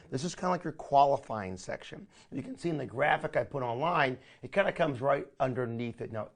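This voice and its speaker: A man teaching a live online marketing training, energetic and coaching, often calling his listeners "my friend". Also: medium pitch.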